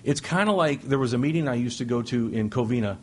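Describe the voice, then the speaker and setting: A middle-aged man speaking to a recovery meeting, telling stories with jokes and sudden excited jumps in his voice. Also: fast talker, slight background noise. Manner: animated, joking, with sudden high-pitched exclamations. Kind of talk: humorous storytelling share. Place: speaking before a meeting audience.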